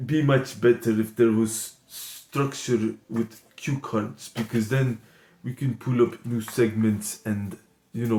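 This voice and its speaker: A patient wolf Latin lover who murmurs in a low, hushed voice, slow and smug, as a man puts him on in an improvised comedy bit. He speaks quietly and never hurries. The room around him is echoey, with a steady hiss.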